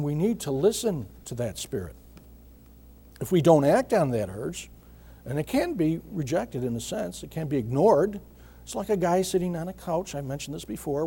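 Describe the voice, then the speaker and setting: Husky-voiced preacher with a lively pitch. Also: male voice. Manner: earnest, repeats key words, clears throat often. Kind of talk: sermon.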